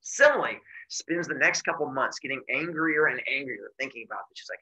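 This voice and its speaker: A man teaching a class by retelling a myth in an animated, jokey way with deadpan asides. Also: medium pitch, fairly quick, few pauses, poor audio. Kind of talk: comic myth storytelling to a class.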